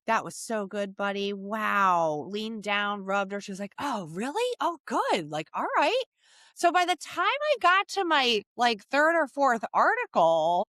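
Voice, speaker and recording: A woman's voice: high voice, no echo, studio quality. A woman co-hosting a dog training podcast, telling a rambling story in casual chat. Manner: lively, rambling storytelling with quick restarts. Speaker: podcast co-host.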